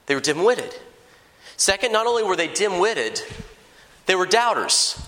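A man preaching a sermon in a conversational, lively way, acting out little dialogues. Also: high-pitched, normal speed. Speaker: pastor. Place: large church hall. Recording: echoey church hall.

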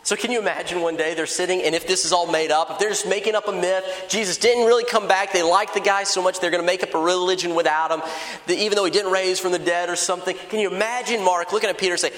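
A man preaching a sermon in a conversational, lively way, acting out little dialogues. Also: high-pitched, fast talker. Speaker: pastor. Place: large church hall. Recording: echoey church hall.

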